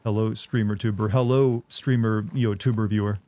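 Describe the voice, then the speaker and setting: A man's voice: on the low side, fairly even intonation, a little fast, dark tone. A young man who streams games and rambles and jokes casually with his viewers. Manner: rambling, joking, chats with viewers. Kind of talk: casual live-stream chatter.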